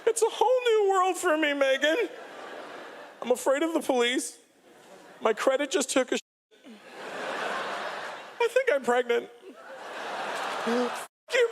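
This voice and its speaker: A man's voice: very high voice, background noise, pitched above the performer's own voice. A man putting on the voice of a gushing young white woman, whiny and dramatic.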